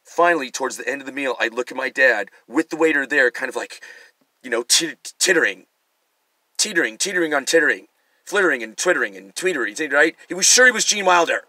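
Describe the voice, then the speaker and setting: A man's voice: mid-range voice, expressive, fairly quick, sharp tone, no room sound. A middle-aged male comedian giving a rambling, profane, self-mocking monologue.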